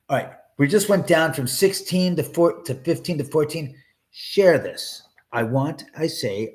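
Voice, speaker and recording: A man's voice: on the high side, darkish tone. Middle-aged man rambling on a live stream. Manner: rambling, profane, chuckling. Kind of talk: casual live-stream chat. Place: his home.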